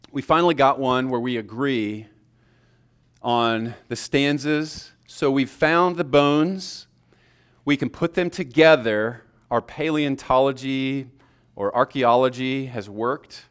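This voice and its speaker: A man's voice: medium pitch, takes it slowly, clean tone. A man teaching a class on sermon preparation in a loose, conversational way, with fillers and restarts. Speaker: preaching instructor.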